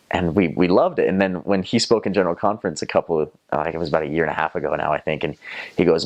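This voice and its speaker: A man's voice: sits low, racing. A young man from North Carolina with a Southern American accent, chatting casually about his time as a missionary and slipping into playful accent imitations. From North Carolina, USA. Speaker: returned missionary. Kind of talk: casual storytelling.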